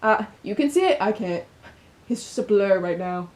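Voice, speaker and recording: A woman's voice: medium pitch, lively intonation, moderate pace, a little mellow. A woman hosting a let's play, reacting expressively to a story game. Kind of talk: gameplay commentary.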